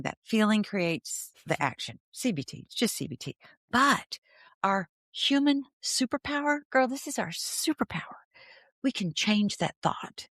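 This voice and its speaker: A woman therapist talks with a podcast host in an animated, chatty way and laughs often. She has a somewhat low voice, recorded close and dry with no room sound. She acts out inner thoughts as she explains them. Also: no echo. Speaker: therapist guest.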